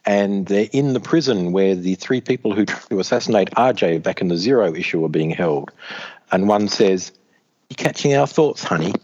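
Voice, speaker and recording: Low-voiced man recapping a comic. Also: normal speed. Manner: animated storytelling, chuckles. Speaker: podcast co-host reading a comic aloud. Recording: dull lo-fi recording.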